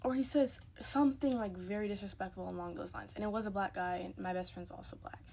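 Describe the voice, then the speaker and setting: A woman's voice: medium pitch, fast, creaky, a little mellow, slight background noise. A young woman telling a casual storytime into her phone, chatty and emphatic, acting out the people in her story.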